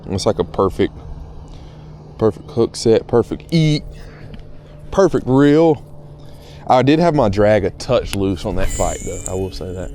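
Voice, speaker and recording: A man chatting casually and excitedly to viewers outdoors by a pond while fishing. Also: sits low, moderate pace, a little hiss or hum. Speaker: fishing vlogger. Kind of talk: casual on-the-water vlog chat.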